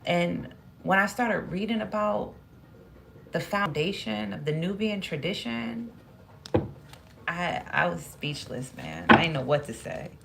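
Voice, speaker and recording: A woman with a low voice talks through a tarot reading, thinking aloud and circling back over her words as the cards come up. A gravelly fry runs through her speech, and a faint hiss sits under the recording. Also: lively intonation, measured pace. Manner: musing, repeats phrases, talks to herself while drawing cards. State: emotional at moments. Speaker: tarot reader.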